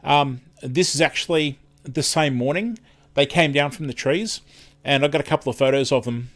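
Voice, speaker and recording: A man's voice: fairly high pitch, moderate pace. Rambling Australian man chatting on a live stream. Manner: rambling, chatty, loses his words and restarts. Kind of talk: casual live-stream chat.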